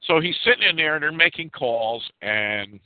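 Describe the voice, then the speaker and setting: A man spins a story with a lively, swinging voice and keeps tripping over repeated words. His voice is mid-pitched and comes through a dry, tinny phone line with no room sound. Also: normal speed, no echo. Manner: animated, repeats words while acting out the people in his story. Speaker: storyteller on a talk show. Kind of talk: casual storytelling.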